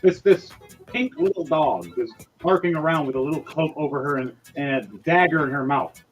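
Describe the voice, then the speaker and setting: A man's voice: a little high, expressive, moderate pace, muffled recording, a little hiss or hum. A man narrating as game master, rambling with lots of restarts.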